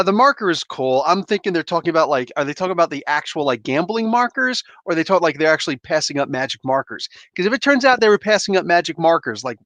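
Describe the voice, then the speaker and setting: A man's voice: fairly high pitch, sharp tone, no echo. A man casually reviewing comics on a live stream, loose and joking, laughing often and swearing a bit.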